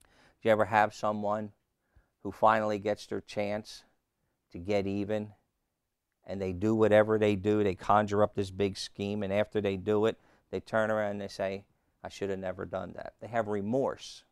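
A pastor preaching a sermon and telling a humorous story, with lots of rhetorical questions. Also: male voice, lowish voice, completely flat delivery, moderate pace, clean tone, dry recording, studio quality. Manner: humorous, repeats key lines.

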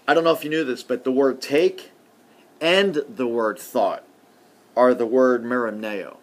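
A man's voice: medium pitch, unhurried. Man preaching a conversational sermon. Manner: conversational, with frequent "see" and "okay" asides; swings between loud emphasis and quiet murmurs.

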